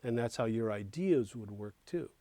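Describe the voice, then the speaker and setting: A man's voice: medium pitch, normal speed. A middle-aged man leads a songwriting clinic, explaining lyric structure with energy. He keeps dropping into recited rhymes and quoted lines. The sound is dry and close, with no room echo. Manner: animated teacher, recites rhymes and quotes in small acted voices. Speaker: songwriting professor. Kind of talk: teaching lyric writing in a recorded clinic.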